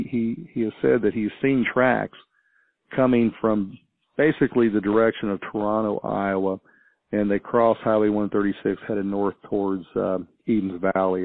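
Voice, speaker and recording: Caller, male, lowish voice, rambling and hesitant, tinny dry phone line. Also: gravelly, no room sound. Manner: rambling, hesitant, many restarts and fillers. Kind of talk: casual storytelling on a call-in show. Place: small farm town.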